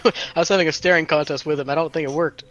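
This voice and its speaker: A man playing a tabletop game, hoarse from a cold, joking with the table. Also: a little high, steady tone, quick pace, a bit bright, highs cut off. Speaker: player.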